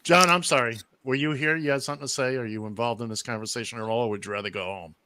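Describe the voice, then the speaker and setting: This Long Island, New York radio co-host talks very fast in a bright, forceful, medium-pitched voice, with no room sound. He's blunt and opinionated in the casual political chat, teasing his fellow hosts.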